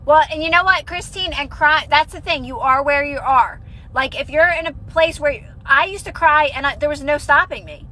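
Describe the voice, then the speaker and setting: A woman's voice: high voice, moderate pace, pushed and bright, poor audio. A young adult woman chatting on a phone live stream about manifestation, rambling and restarting sentences, earnest and encouraging. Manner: rambling, restarts sentences often, many "like" fillers. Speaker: manifestation content creator. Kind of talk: casual live-stream chat answering viewers.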